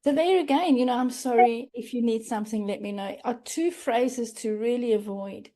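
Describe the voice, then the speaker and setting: A middle-aged woman talks earnestly as a podcast guest. Her voice sits a little high yet sounds mellow and soft-edged. She slips into little quoted voices as she explains. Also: normal speed. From Australia. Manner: earnest, acts out quoted phrases. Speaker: grief coach, guest. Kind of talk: podcast interview.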